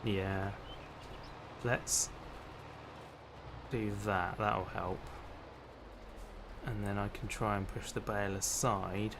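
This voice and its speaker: A man's voice: lowish voice, level tone, takes it slowly, long pauses. A man from Hampshire chatting casually while streaming a game, laughing often and greeting viewers. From Hampshire, England. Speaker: livestreamer. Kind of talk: casual gameplay chat. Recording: clear game noise behind.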